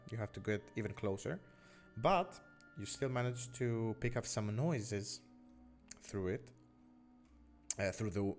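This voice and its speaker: A man narrating as game master in an online tabletop game, pausing often with filler sounds as he describes the scene. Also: mid-range voice. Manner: unhurried, many filler "uh"s, hedging descriptions. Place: online voice call.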